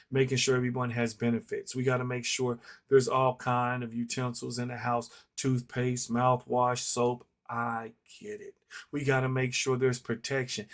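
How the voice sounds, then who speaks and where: A middle-aged man giving an earnest, reflective personal monologue, telling a story with heavy repetition for emphasis. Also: mid-range voice. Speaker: vlogger. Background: faint instrumental music.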